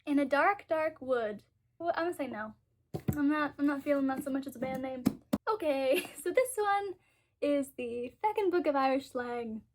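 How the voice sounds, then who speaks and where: A woman book vlogger chatting casually, rambling and giggling as she thinks aloud, with a congested, stuffy voice. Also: high voice. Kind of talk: casual chat.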